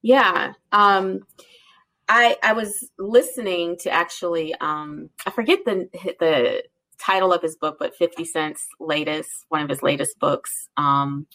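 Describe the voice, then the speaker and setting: A woman's voice: on the low side, a little slow, pushed and bright. A woman co-hosting an interview, chatty and engaged, reacting readily and steering the conversation. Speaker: co-host, interviewer. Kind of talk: casual interview chat.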